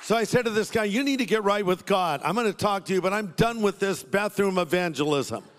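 A man's voice: sits high, brisk. A man preaching a sermon as a pastor, telling a funny story conversationally and acting out the voices in it. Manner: conversational, humorous, acts out voices in his story. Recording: long hall reverb, faint music.

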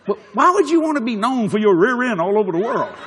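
Male preacher, high animated delivery, chuckling storyteller, faint background hum. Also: fast, some chatter behind. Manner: animated, chuckling, shouts for emphasis. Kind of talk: storytelling sermon.

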